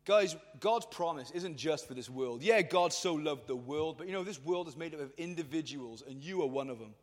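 A man, preaching a lively youth sermon to a crowd in a passionate, colloquial way. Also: fairly high pitch, normal speed. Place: large hall at a youth event. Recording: long hall reverb.

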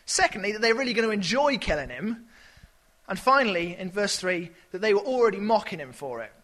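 Lively, bright-voiced preacher. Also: male voice, high-pitched, brisk, poor audio. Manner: conversational and animated, with sudden shouted character voices. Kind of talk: sermon.

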